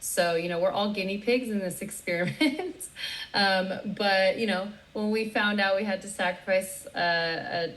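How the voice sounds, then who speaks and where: A woman DJ as a guest in a casual interview, talking in a relaxed, rambling way. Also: mid-range voice, measured pace, low-quality recording. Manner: relaxed, rambling, lots of you knows and likes.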